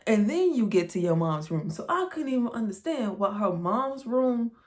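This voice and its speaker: A woman's voice: a little high, expressive, normal speed. Blunt, cussing woman telling a storytime. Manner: blunt, profane, incredulous storytelling. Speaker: vlogger. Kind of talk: storytime vlog.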